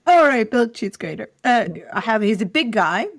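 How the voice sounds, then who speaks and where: A slightly high woman's voice, recorded close and dry, chatting casually on a podcast. She tells candid stories, giggles often and pokes fun at herself. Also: expressive, normal speed, no room sound. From Ireland. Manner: giggly, self-deprecating storyteller. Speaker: podcast co-host. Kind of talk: casual chat.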